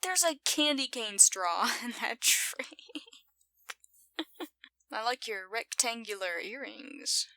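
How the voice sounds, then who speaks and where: A playful woman with an accent reacts to a show in an unhurried, drawn-out way, laughing often and scolding the characters on screen. Her tone is bright and sharp. The sound is dry and close, with almost no room echo. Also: a little high, animated. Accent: non-standard English accent. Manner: giggly, playful, talking back to the screen. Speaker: video reactor. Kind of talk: casual reaction commentary.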